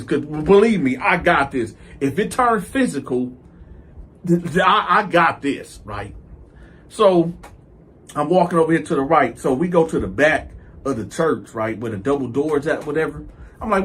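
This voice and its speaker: A man's voice: a little high, moderate pace, slight background noise. A man telling a story to camera in a casual, profane way, acting out each scene. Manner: animated, profane, acts out the scenes. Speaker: storytelling video host.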